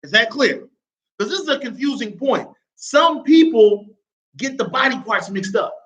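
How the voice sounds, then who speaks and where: A man teaches a class in a bright, cutting voice. He pitches his voice high and swings it widely as he playfully fires repeated questions at his students. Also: animated, moderate pace, highs cut off. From United States. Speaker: Arabic teacher. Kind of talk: classroom lesson with call-and-response.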